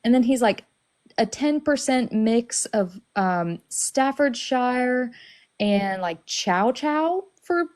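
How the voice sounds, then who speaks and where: A young woman from Alabama with a light Southern accent that sounds almost Californian, chatting fast and bubbly on a family livestream. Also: fairly high pitch, animated, darkish tone. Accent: light Southern, mostly Californian-sounding. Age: young adult. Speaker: paralegal guest. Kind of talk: casual livestream chat.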